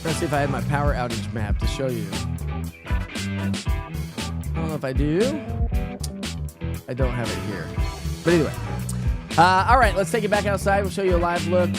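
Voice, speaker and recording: A middle-aged man, hosting a casual morning weather show in a chatty, rambling way with lots of fillers. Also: a little high. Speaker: TV weather forecaster.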